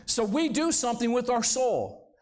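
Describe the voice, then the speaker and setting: A man's voice: very high-pitched, animated, moderate pace, a little mellow. A male pastor preaching a sermon in a church service, talking conversationally and throwing rhetorical questions at the congregation. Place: church sanctuary, live service.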